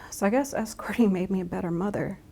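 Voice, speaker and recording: A middle-aged woman talks openly in an interview, her voice carrying a gravelly edge. She is reflective and halting, often starting a sentence over before she finishes it. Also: mid-range voice, warm tone, a little hiss or hum. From Michigan. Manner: halting, reflective, with frequent restarts. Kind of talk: candid interview.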